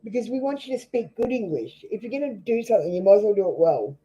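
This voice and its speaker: A woman's voice: mid-range voice, expressive, fast talker, dark tone, husky, lo-fi sound. A woman with an Australian accent doing a live tarot reading, blunt and scolding, swearing freely as she talks to viewers. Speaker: tarot reader.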